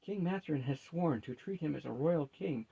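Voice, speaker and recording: Gravelly, husky man reading a story aloud. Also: on the high side, lively intonation, normal speed, mellow, lo-fi sound. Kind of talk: reading a fantasy novel aloud.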